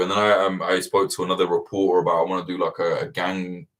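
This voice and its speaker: A man hosting a livestream Q&A, chatting casually, swearing freely and rambling with lively energy. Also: sits low, fast talker. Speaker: host of livestream Q&A.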